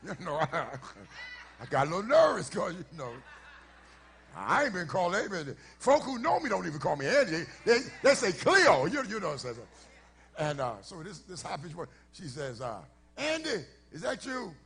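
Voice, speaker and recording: A middle-aged man, a pastor, telling a story in a sermon before his congregation, shifting from easy conversational talk to shouted preaching. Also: fairly high pitch, big pitch swings, moderate pace. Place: church sanctuary before a congregation.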